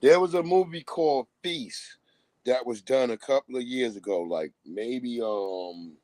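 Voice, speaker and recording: On a live stream, a man delivers a blunt, casual, profane rant, acting out the voices of people he quotes. His mid-range voice is unhurried and mellow, with no room sound, though the recording is rough.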